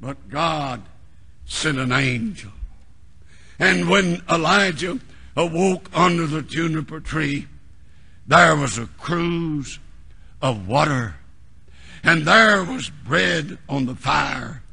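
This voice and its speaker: Raspy old-time American preacher, shouting. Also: male voice, fairly high pitch, lively intonation. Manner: old-time preaching with shouted climaxes and long drawn-out words. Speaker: pastor. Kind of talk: sermon.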